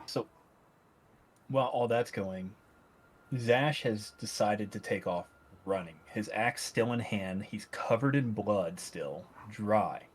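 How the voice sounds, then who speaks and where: A man's voice: fairly low pitch, slow pace, husky. A man playing in a tabletop game, vividly narrating what his character does. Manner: vivid, descriptive storytelling. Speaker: player.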